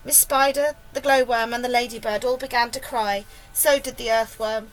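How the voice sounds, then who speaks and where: A woman reading a children's book aloud, lively and expressive, getting louder and higher for the characters' lines. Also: moderate pace, few pauses, rough recording. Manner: lively, raising pitch and volume for dialogue. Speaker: storybook reader.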